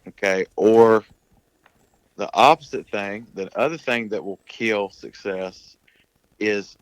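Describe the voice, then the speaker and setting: A man's voice: lowish voice, a bit bright, no echo, poor audio. A man talking casually as a podcast guest, explaining at length in a plain-spoken way. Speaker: guest, turkey hunter.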